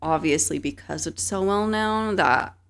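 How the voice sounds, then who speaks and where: A woman's voice: sits low, measured pace, clean tone. A woman co-hosting a podcast in casual chat, chatty and laughing easily, with lots of fillers. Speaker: podcast co-host.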